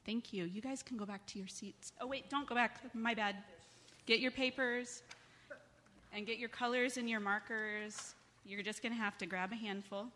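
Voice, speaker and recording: A woman giving a children's message in church, speaking gently and coaxing the kids with questions. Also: mid-range voice, fairly even intonation, normal speed, slight background noise. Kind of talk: children's sermon. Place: church sanctuary. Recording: long church reverb.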